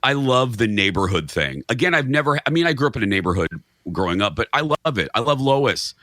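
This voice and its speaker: A man's voice: mid-range voice, sing-song, a little fast, sharp tone, no room sound, studio quality. A man telling a story in casual chat as a guest, acting out his own reactions. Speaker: guest, radio and TV host.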